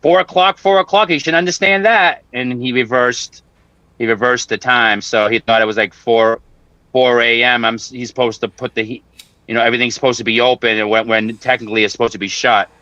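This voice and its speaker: A man chatting casually and profanely, rambling through a story and putting on quick mock voices. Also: medium pitch, level tone, sharp tone, no room sound. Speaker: guest on a home-grow talk stream. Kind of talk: casual chat. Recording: dull, dry lo-fi audio.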